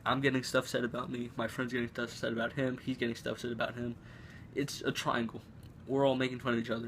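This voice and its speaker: A teenage boy tells a school story to his camera in a loose, rambling way, leaning on fillers and starting lines over. His voice sits at a middle pitch. A faint room hum sits behind him at home. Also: a bit bright. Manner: rambling, filler-heavy, restarts often. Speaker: vlogger. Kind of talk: casual storytelling.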